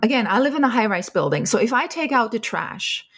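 A woman's voice: a little high, big pitch swings, brisk, a bit bright, slightly rough. A woman guest in an interview, patiently explaining her ideas with everyday examples. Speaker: animal communicator guest.

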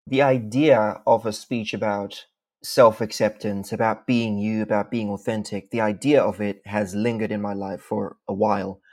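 Here a man from Zimbabwe who won a speech contest talks through interview questions with formal, articulate, measured wording. The voice is lowish, and he delivers it flatly.

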